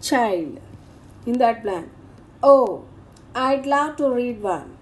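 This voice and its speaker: Slow high-voiced woman teacher dictating answers. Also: expressive. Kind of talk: reading out grammar exercise answers.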